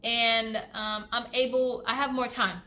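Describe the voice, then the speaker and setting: A woman's voice: fairly high pitch, flat delivery, unhurried, sharp tone. A woman, chatting casually to viewers through a makeup routine and calling them y'all. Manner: chatty, addresses viewers as y'all, laughs often. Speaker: beauty vlogger. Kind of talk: casual get-ready-with-me chat.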